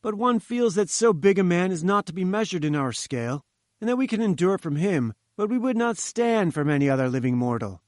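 A man's voice: sits high, animated, fairly quick, no room sound, clean studio sound, pitched above the performer's own voice. A man doing a breezy young reporter. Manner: breezy and chummy. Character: cheerful young male journalist, breezy.

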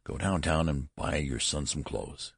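A man voicing a prim, brisk female nurse in a storybook reading, insistent and clipped. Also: rumbling low, creaky, breathy edge, no echo, studio quality, full character voice.

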